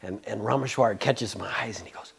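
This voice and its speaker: A man's voice: lowish voice, brisk, creaky, slightly rough. Older man reminiscing, rambling and chuckling. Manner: rambling storyteller with fillers and chuckles. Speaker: devotee sharing memories. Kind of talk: casual reminiscing interview.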